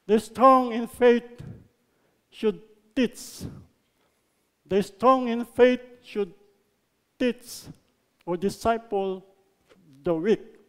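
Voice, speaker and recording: A pastor with a Filipino accent preaches a sermon in a church hall, mixing English and Tagalog. His high-pitched voice stresses words loudly, then lets lines trail off softly, with big-room sound.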